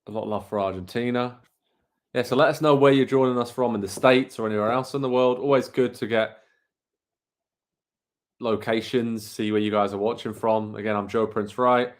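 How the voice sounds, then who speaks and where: An English man with a mid-range voice and fairly even intonation talks at normal speed. Co-hosting a live online match watchalong, he chats casually, calls the play, and reads out viewer comments.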